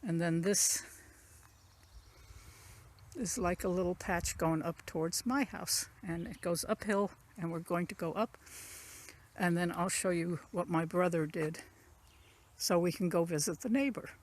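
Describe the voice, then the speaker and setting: Walking outdoors through her woods and fields, a channel owner narrates a casual, rambling property tour in a lowish voice at a measured pace with long pauses. She points things out along the way, captured on the phone she carries.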